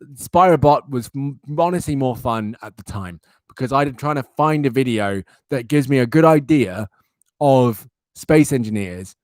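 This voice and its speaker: A young man hosting a casual live stream, chatting and reacting with loud, silly outbursts. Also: medium pitch, no room sound, clean studio sound. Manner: animated, jumps into loud silly exclamations. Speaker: livestream host.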